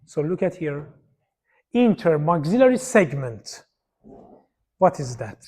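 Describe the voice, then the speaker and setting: Male lecturer, high voice, repeats key terms while pointing at slides. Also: big pitch swings, takes it slowly, dark tone. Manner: repetitive, pointing at slides, non-native phrasing. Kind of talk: university lecture.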